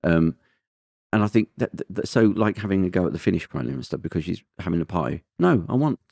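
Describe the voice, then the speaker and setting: A man with a very deep voice, hosting a relaxed podcast conversation. He tells rambling stories with emphatic bursts, recorded in a dry, close setting. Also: fast talker, gravelly, no echo. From Britain. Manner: rambling, emphatic, animated storytelling. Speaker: podcast host. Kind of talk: casual chat.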